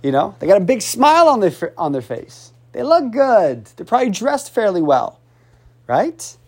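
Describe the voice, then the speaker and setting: Lively animated male coach. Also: sits high, moderate pace, slightly rough. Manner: energetic, checks in with "right?" constantly; swings voice up and down to demonstrate tone. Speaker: communication coach. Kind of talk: animated motivational teaching.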